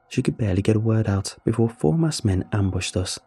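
A young man narrating a first-person horror story in a somber, measured, confessional way. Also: fairly low pitch, expressive, dark tone, breathy edge. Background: faint music.

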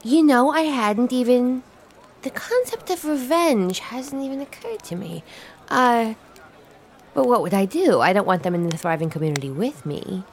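A woman voicing an elderly lady living in a retirement community, gentle and a little bewildered, in an improv comedy scene. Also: on the high side, expressive, normal speed. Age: older.

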